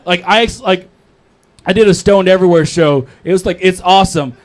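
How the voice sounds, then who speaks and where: High-voiced crude stand-up comic. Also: male voice, fairly quick. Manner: crude, rambling, mocking. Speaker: stand-up comedian. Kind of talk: open mic stand-up set.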